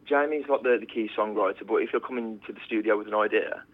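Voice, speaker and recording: Deep male guest over a tinny phone line. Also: quick pace. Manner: relaxed, lots of ums and uhs. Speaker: band's bassist, guest. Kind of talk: interview answers.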